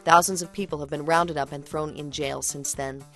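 A woman with a lowish voice reads radio news headlines in a steady, formal manner. Her delivery stays even and composed from item to item. Faint music plays softly underneath. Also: normal speed. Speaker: newsreader.

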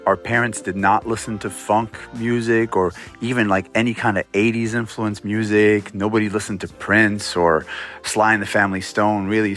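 Forties male musician from Montreal, lower voice, laid-back and chatty in an interview. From Montreal, Canada. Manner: relaxed, explanatory, with frequent fillers. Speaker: musician guest. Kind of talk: casual interview answers.

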